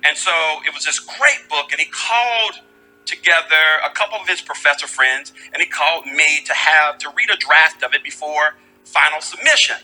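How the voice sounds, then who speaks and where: A man telling a personal story in an animated, conversational way. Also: on the high side, moderate pace, soft background music, poor audio. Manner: animated, conversational, acts out quotes. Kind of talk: storytelling talk.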